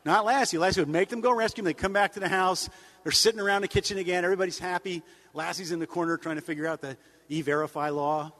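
An American humorist gives a stand-up style speech to an audience in a reverberant hall, his high voice wry and fast. He's deadpan, rambling through asides and jumping up in pitch with mock outrage.

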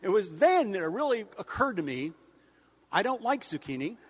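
Guy with a pretty high voice doing a dry rambling comic speech, big hall echo. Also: moderate pace, a little hiss or hum. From United States. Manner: deadpan, wry, rambling asides with mock-outraged jumps in pitch. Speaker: humorist giving a speech. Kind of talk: stand-up style speech to an audience. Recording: long hall reverb.

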